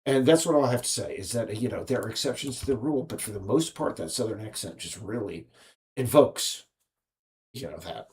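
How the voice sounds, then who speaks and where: Speaking solo, this American man, an indie game developer, wanders through a monologue in a halting way, frequently stopping, restarting, and using fillers. His medium-pitched voice is slightly mellow, with lively intonation.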